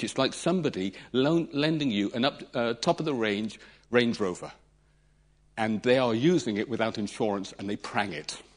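A man preaching a sermon with animated energy, his pitch swinging widely as he retells stories. He acts out voices and pushes his points with dramatic emphasis. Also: breathy edge.

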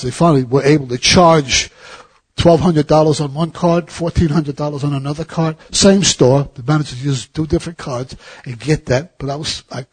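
A middle-aged man with a husky, slightly raised voice preaches to his congregation. He tells a personal travel story in an easy, anecdotal way, then presses his point home with fervent repeated questions. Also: on the high side, a little mellow. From United States. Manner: anecdotal, rising to fervent exhortation. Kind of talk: storytelling sermon.

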